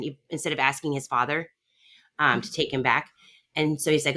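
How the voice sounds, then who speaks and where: A woman's voice: low voice, normal speed, pushed and bright. A woman hosting a podcast, chatting casually and telling a long family story with lots of fillers. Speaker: podcast host. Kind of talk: casual chat.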